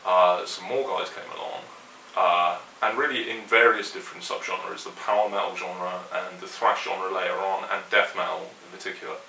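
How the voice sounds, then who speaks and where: Low-voiced man teaching guitar. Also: normal speed. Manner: relaxed, opinionated, counts along to the click. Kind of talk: instructional explanation. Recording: roomy echo, mic at a distance, faint hiss.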